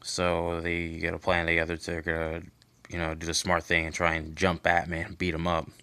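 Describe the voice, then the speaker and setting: Flat-voiced man recapping a comic. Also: low voice, normal speed, clean tone, dry recording. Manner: loose and rambling, many fillers and restarts; offhand, swears casually. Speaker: comic book reviewer.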